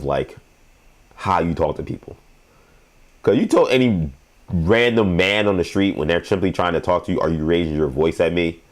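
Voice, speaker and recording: A young adult man hosting a sports show, giving rambling, emphatic commentary and laughing at his own stories. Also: low-pitched.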